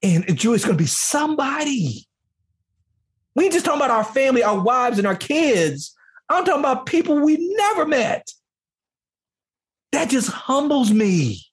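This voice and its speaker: Husky, fervent man giving testimony. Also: very high voice. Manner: fervent, preacher-like delivery. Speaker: podcast guest. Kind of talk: emotional personal testimony.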